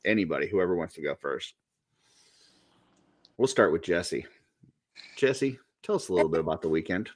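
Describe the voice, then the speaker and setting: A man's voice: deep voice, sing-song, moderate pace, long pauses, dry recording. A man hosting a casual podcast chat over a video call, rambling through his questions and teasing his guests. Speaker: podcast host.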